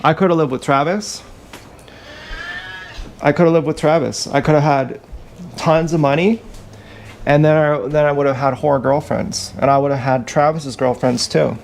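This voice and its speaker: A man with a slightly high voice rambles crudely through a livestream, stopping often to clear his throat. He talks into an action camera, with a faint hiss behind him. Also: fairly even intonation, moderate pace, long pauses, a little mellow.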